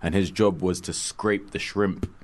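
Low-voiced man, animated storyteller. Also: a little slow. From London. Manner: lively storyteller, laughs often, voices bursts of excitement. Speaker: radio co-host. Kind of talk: casual radio banter. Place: radio studio.

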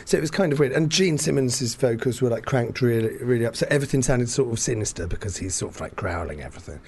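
A man's voice: mid-range voice, expressive, fast, darkish tone, a little hiss or hum. A man telling a story in casual chat, rambling, restarting his sentences often and laughing between them.

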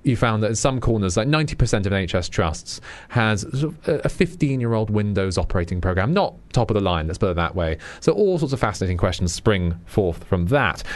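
Fairly low in pitch but with big swings, and speaking a little fast, a British man hosts a political radio show. His take on current affairs is chatty and wry, with plenty of fillers and restarts.

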